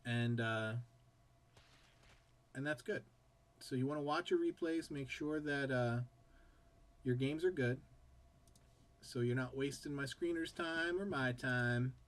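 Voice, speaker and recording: A man hosting a casual game commentary show, chatting in a rambling way and jumping between tangents and play-by-play. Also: mid-range voice. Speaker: game caster and show host.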